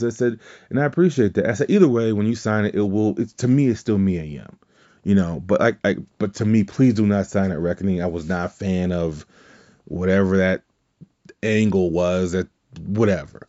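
Low, mellow-voiced man telling a rambling story. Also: normal speed. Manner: rambling, self-correcting, swears casually. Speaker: podcast co-host. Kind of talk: casual storytelling chat. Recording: dull lo-fi audio.

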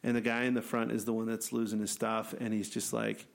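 A man from a Christian wilderness program telling an animated story in casual chat, laughing often and acting out what people said. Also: lowish voice, brisk, vocal fry. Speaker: wilderness ministry program leader.

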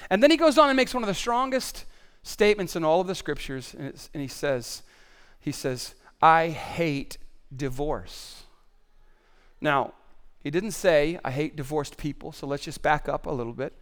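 A man delivers a sermon in a high, smooth voice with a resonant ring. He is animated and conversational, rising to loud emphatic bursts and then dropping to quiet, solemn passages. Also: normal speed. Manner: animated, swings from loud to hushed. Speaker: pastor.

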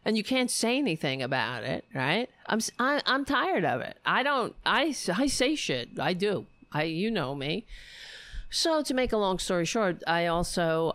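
A woman's voice: on the low side, fairly bright tone, dry recording. A woman hosting a political livestream, ranting casually with profanity and sarcasm.

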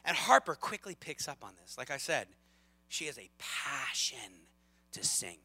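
A man in his thirties preaching a sermon as a lively, self-deprecating storyteller, with big swings in loudness. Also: mid-range voice, a little slow, slightly rough. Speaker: pastor.

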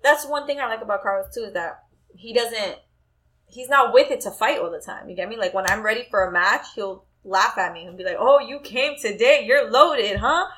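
A woman chatting casually who tells stories with lively acted-out quotes and casual swearing. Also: mid-range voice, brisk. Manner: animated storyteller, acts out quotes, swears casually. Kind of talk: casual chat.

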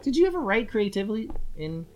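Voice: medium pitch, big pitch swings, fast. A young adult podcast co-host talking casually and sarcastically while reviewing a book, rambling and swearing freely. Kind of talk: casual chat.

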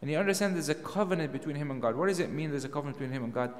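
A man preaching a sermon, emphatic and full of rhetorical questions, his voice rising to loud peaks. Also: a little high, racing, long reverb tail.

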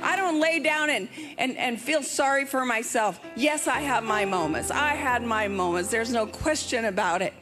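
A woman's voice: on the high side, animated, moderate pace, hardly any pauses. Fervent older woman preaching over music. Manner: emphatic, fervent, repeats rallying phrases. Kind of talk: sermon.

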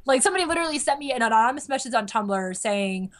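A young woman chatting casually, an animated storyteller full of fillers who acts out quotes. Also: fairly high pitch, quick pace. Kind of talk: casual chat.

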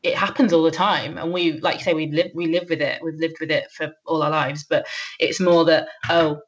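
A woman's voice: deep voice, flat delivery, breathy edge. Hesitant woman, muffled audio. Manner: hesitant, many pauses and ums, nervous laughs. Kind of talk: casual chat. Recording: muffled lo-fi recording.

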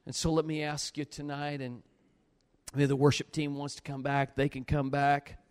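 Delivering a sermon through storytelling, a man swings animatedly from loud outbursts to quiet, earnest pleading. His tone is clear and resonant, his pace moderate, and the sound suggests a big room.

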